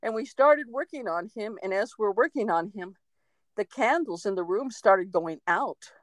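Woman podcast host in her own voice, a lively storyteller who laughs and acts out quotes, mid-pitched, dry studio sound. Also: normal speed, dry recording, low-quality recording. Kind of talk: casual storytelling chat.

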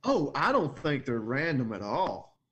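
Lively-voiced man in casual podcast chat. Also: medium pitch, a little slow, husky. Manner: laid-back, jokey storyteller. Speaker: podcast co-host.

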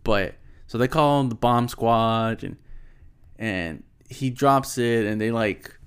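A man's voice: mid-range voice, slow, smooth. Rambling man telling a story casually. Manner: rambling, loose, full of "like" and restarts.

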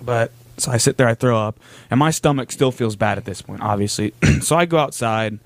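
A man's voice: mid-range voice, brisk, creaky, no room sound. A young man casually telling a long story on a podcast, rambling with lots of fillers. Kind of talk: casual chat.

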